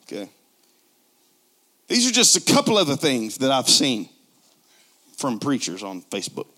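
A man in his forties preaching a sermon in a joking, conversational way, low on strength and not raising his voice. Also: huge pitch swings, a little slow, bright, forceful tone. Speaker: pastor.

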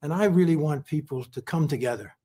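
A man from California, a guest in an interview, giving heartfelt praise in halting speech full of repeated words and fillers. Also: fairly high pitch, warm tone, husky.

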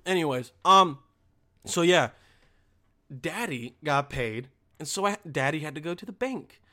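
A young man from Bosnia telling a crude, exasperated comic rant, breaking into sudden high-pitched outbursts. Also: animated, unhurried, bright, forceful tone. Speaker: comedian. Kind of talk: stand-up style ranting monologue.

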